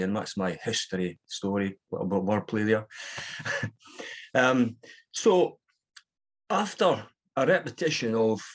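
Husky man sharing his story. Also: fairly low pitch. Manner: candid, rambling, with frequent fillers and restarts. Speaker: recovery meeting speaker. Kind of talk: personal recovery share.

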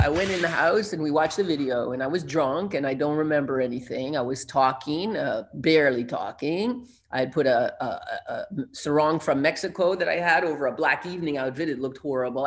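An older man telling his own recovery story in a rambling, self-deprecating way, pausing and restarting often. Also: on the high side. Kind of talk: personal recovery talk.

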